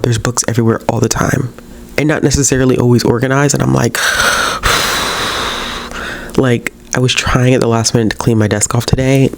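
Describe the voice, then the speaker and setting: A woman book vlogger in a casual chatty vlog, tired and low on energy, rambling and correcting herself, slangy and talking straight to her viewers. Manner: rambling, self-correcting, laughs often.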